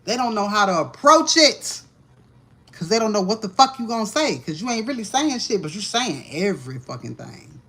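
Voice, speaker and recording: A woman's voice: mid-range voice, sing-song, normal speed, a bit bright, husky. Profane, ranting woman tarot reader. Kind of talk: live-streamed tarot reading. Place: home.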